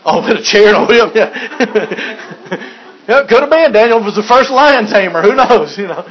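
A man's voice: high voice, animated, normal speed, a bit bright. A man preaching a sermon as pastor, joking and chuckling, with frequent restarts. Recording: dull lo-fi recording.

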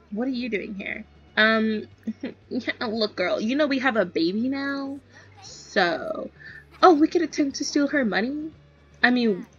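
Her voice is on the high side, fairly bright and slightly rough, as this young gaming creator gives giggly, chatty commentary over her own play. The lo-fi recording comes across a little dull.

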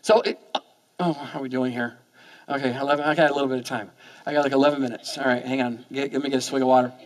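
A man preaching a sermon in church, talking fast and often repeating words as he goes. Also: medium pitch, steady tone. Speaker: pastor.

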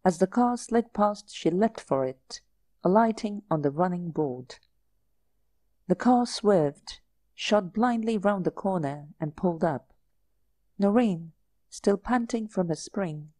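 A woman narrates a story at a slow, measured pace. Her voice is mellow and warm, recorded close on a dry microphone with no room sound. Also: lowish voice, lively intonation, dry recording. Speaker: audiobook narrator. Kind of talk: audiobook narration.

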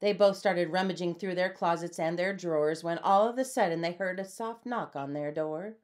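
A woman reading a storybook aloud in a lively way, changing her voice for the characters. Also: sits low, brisk, few pauses. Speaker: storybook reader. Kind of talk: read-aloud storybook narration.

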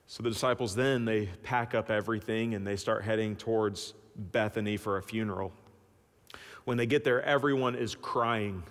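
A man preaching a sermon as pastor, telling the story in an animated, folksy way with humorous asides. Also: normal speed. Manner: animated storytelling with big swings in pitch and loudness. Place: church sanctuary. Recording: long church-hall reverb.

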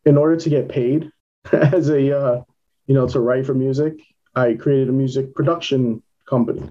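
A man from Queens with a New York accent, speaking as a filmmaker guest in a plain, matter-of-fact manner. His voice is dark and mellow, and the recording sounds a little dull and muffled. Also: mid-range voice, fairly even intonation, normal speed. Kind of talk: casual interview.

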